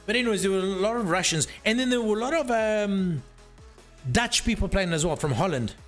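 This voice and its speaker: A man's voice: high-pitched, animated, brisk, fairly bright tone, faint music behind. A man chatting casually and teasingly on a live stream, swearing freely while working on hardware.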